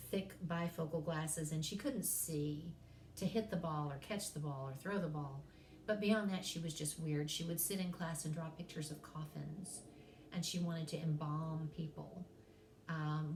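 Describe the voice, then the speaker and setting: A woman's voice: low voice, fairly even intonation, measured pace, a little mellow, a little hiss or hum. Folksy woman telling classroom stories. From East Tennessee, USA. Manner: folksy storytelling, self-deprecating humor. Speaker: college English teacher. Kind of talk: recorded course lecture. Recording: echoey room.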